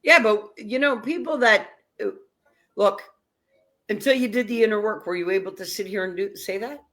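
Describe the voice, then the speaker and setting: A woman's voice: medium pitch, moderate pace, a bit bright. A woman hosting a casual talk, speaking in emphatic, punchy phrases with blunt, sometimes salty wording. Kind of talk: casual chat.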